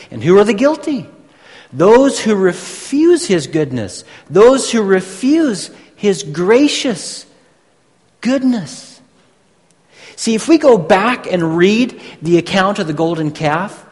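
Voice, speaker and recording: A man preaching a sermon, teaching slowly and deliberately with emphatic pauses. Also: high voice. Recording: long hall reverb.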